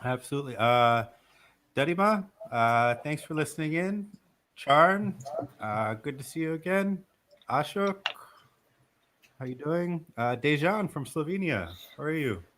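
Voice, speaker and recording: A man's voice: on the high side, expressive, unhurried, fairly bright tone. A man co-hosting a live podcast, friendly, greeting listeners by name and reading out their comments. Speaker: podcast co-host. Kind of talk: casual live-show chat.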